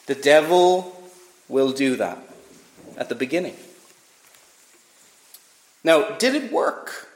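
A man's voice: medium pitch, huge pitch swings, slow, long pauses, echoey room. A man preaching a sermon, asking rhetorical questions and reading scripture aloud with emphasis.

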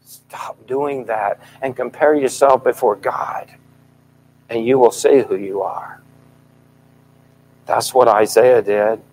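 A middle-aged man preaching a sermon in a fervent, emphatic style, his voice swelling loud at key points. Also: medium pitch, steady tone, takes it slowly, pauses often, low-quality recording.

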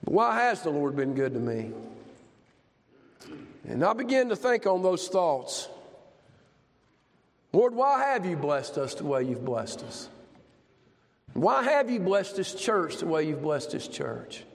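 A man's voice: on the high side, very animated, takes it slowly, pauses often. A grandfather in his fifties preaching a sermon as pastor, with a fervent delivery that rises and falls. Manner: fervent, rising and falling preaching cadence. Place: church sanctuary. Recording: long hall reverb.

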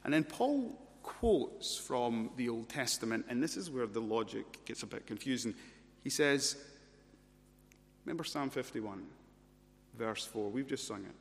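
A male preacher gives an expository sermon in a church, driving points home with rhetorical questions and repeated phrases. His voice sits at a middle pitch, and a long reverb trails each phrase through the hall. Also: animated, unhurried, creaky. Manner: rhetorical questions, emphatic repetition.

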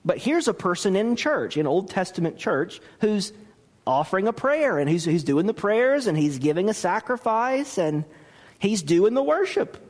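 Male pastor, sermon delivery, high and very lively voice, long reverb of a large hall. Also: moderate pace. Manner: expressive preaching, acting out quoted dialogue.

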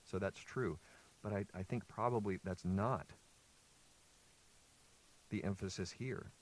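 A man's voice: low voice, takes it slowly. Man, pastor, sermon, teaching tone, reads scripture aloud, asks the congregation questions. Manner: teaching, asks the listeners questions and answers them.

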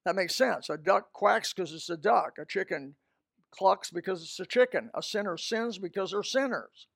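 High gravelly preacher, close and dry. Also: male voice, moderate pace, no echo. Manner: emphatic, swings from loud outbursts to low asides. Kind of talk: sermon.

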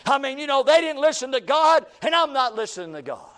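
High-voiced man preaching. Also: sing-song, a little fast, fairly bright tone. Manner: impassioned preaching, acts out the despairing voice of ordinary people. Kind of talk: sermon. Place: church.

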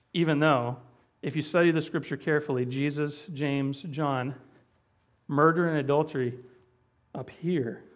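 A man's voice: a little high, fairly bright tone. Conversational man teaching Bible doctrine. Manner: conversational, explaining with frequent fillers and restarts. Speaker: pastor.

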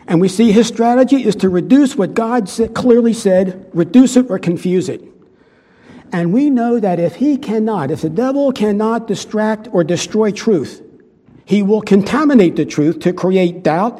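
A man's voice: high voice, dark tone. A man preaching a sermon with earnest emphasis, often repeating phrases for stress. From United States. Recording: long hall reverb.

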